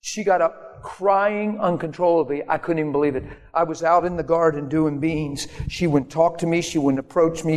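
Male preacher in an echoing hall. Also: fairly high pitch. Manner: animated storytelling, acting out quotes in raised voice. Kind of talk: sermon. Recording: long hall reverb.

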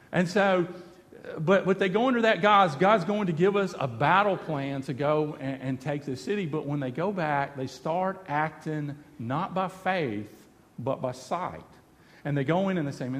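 A man's voice: sits high, a bit bright, in a large hall. A man preaching a sermon, repeating phrases for emphasis and speaking quoted lines of God and the people. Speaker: pastor.

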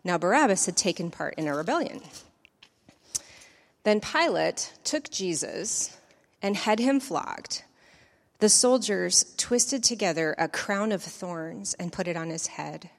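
Lowish woman voice reading scripture slow and careful, church echo all around. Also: expressive, gravelly. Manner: measured, deliberate reading. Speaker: lay scripture reader.

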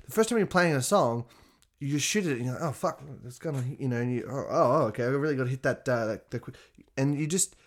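A young man talking on his own podcast in an animated, casual way, swearing freely and making asides to his listeners. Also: mid-range voice. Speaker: podcast host. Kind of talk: casual solo podcast talk.

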